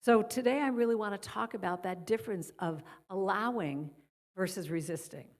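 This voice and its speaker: A middle-aged woman speaking as a guest at a church service, softly guiding listeners and telling stories. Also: medium pitch, moderate pace. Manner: gentle, guiding a breathing exercise then storytelling. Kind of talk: spiritual talk at a church service. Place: church sanctuary.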